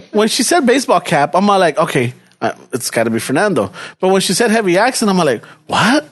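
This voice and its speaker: A man's voice: sits high, a little fast. A man telling a story on a podcast, cursing, acting out dialogue and mixing in Spanish slang. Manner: profane, animated, acts out dialogue, mixes Spanish slang. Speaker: podcast co-host. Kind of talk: casual storytelling chat.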